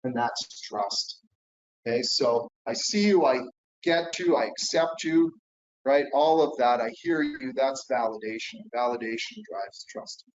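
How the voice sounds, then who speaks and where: A man's voice: mid-range voice, a little slow. A middle-aged man giving a conference keynote in a coaching tone, often checking in with "right?" and "okay?". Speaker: keynote speaker. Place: conference hall. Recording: echoey hall, dull lo-fi sound.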